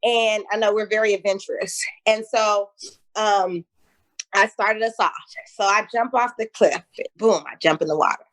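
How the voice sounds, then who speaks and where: A woman's voice: mid-range voice, moderate pace. A middle-aged woman who tells stories in a casual interview and acts out the voices she quotes. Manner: storytelling, animated, acts out quotes. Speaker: guest entrepreneur.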